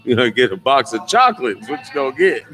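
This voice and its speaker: A man's voice: medium pitch, sing-song, fast talker, a bit bright, faint music behind. A man co-hosting a live sports talk show from a tavern, bantering and laughing often. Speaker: co-host.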